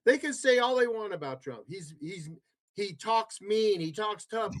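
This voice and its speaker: A man's voice: sits high, expressive, unhurried. A man co-hosting a podcast in casual political banter. He talks bluntly, with hesitant fillers and repeated words. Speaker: podcast co-host.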